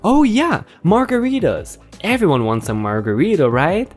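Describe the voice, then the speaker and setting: Man putting on a chatty married woman, higher voice, lively. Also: moderate pace, faint music behind. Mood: breezy. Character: flustered married woman ordering at a restaurant.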